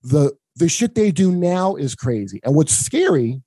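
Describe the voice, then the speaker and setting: A man's voice: a little high, sing-song, a little slow, dark tone, breathy edge, dry recording. A man from the United States chatting casually on a podcast, swearing often, rambling with restarts and jokes. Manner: profane, rambling, joking, frequent restarts.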